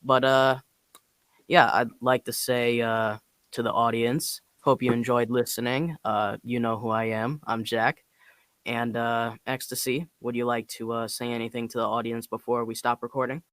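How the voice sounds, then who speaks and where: A young man hosting a casual podcast interview, speaking politely with halting pauses. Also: medium pitch, little pitch movement, a bit bright, no room sound. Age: young adult. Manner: halting, polite, filler-heavy. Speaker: podcast host.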